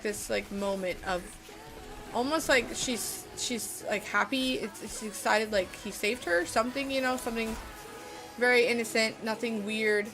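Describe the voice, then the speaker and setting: A woman streamer telling a story in a rambling, casual way while she plays a game, swearing often. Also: fairly high pitch. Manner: rambling, lots of fillers and swearing. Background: music.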